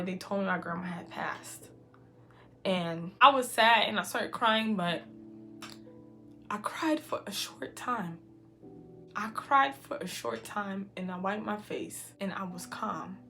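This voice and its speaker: A woman's voice: medium pitch, fairly bright tone. A woman in her early twenties telling a heartfelt personal story in a casual vlog, often saying "like" and sometimes dropping almost to a whisper. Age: early 20s. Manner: heartfelt and confiding, heavy use of "like". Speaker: vlogger.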